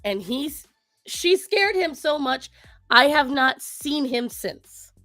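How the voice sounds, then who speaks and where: A woman co-hosting a casual talk show, speaking to her viewers and giving pet advice in an animated way. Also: high voice, no echo. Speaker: co-host. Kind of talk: casual chat.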